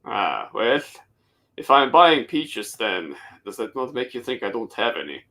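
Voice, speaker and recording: A man's voice: medium pitch, very animated, pushed and bright, full character voice. A man playing a wary hobgoblin armorer. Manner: measured, formal and dry.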